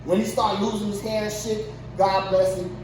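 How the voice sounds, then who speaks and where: A woman hosting her own show in a heated, profane comedic rant, swinging between muttering and yelling in disbelief. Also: medium pitch, flat delivery, normal speed. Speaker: show host. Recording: echoey, distant mic, noisy ambience.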